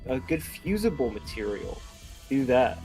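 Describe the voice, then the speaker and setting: A man's voice: mid-range voice, very animated, unhurried, a little mellow, faint music behind. A man co-hosting a game stream, chatting casually and joking with his partner and the chat. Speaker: streamer co-host.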